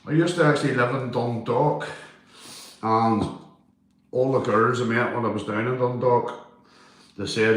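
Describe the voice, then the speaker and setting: A man's voice: medium pitch, unhurried, pauses often, very echoey. A man chatting casually with stream viewers, rambling and swearing, with local slang. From Northern Ireland. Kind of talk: casual live-stream chat.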